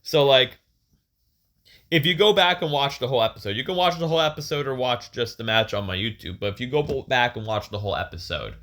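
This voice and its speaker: Excitable young man telling a wild story. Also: mid-range voice, fast talker. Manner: animated storytelling, profane, laughs often. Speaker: podcast co-host. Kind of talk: casual chat, retelling a match.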